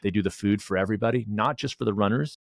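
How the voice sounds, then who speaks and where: A man's voice: fairly low pitch, fast, gravelly, no room sound. A middle-aged man in a casual interview, telling a rambling story and acting out bits of dialogue. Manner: rambling storyteller, acts out dialogue, many restarts. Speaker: wellness director and race director.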